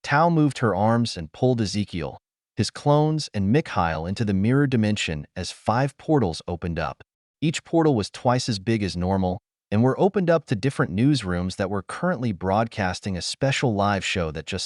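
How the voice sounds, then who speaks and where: A man narrating an audiobook in a lively, expressive way. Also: fairly low pitch, normal speed, dry recording, studio quality.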